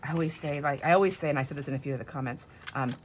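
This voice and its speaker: A woman with a low, deep voice chats loosely through her crafting, trailing off into fillers as she works. Faint background noise sits under her voice in a home craft room. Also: racing. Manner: rambling, chatty, with many fillers. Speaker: craft channel host. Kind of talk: casual craft chat.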